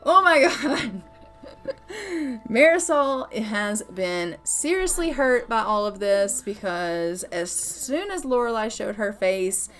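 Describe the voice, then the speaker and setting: A woman giving casual gameplay commentary as a let's-play narrator. She talks in an excitable, gossipy way, with many exclamations. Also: mid-range voice, slow, soft background music.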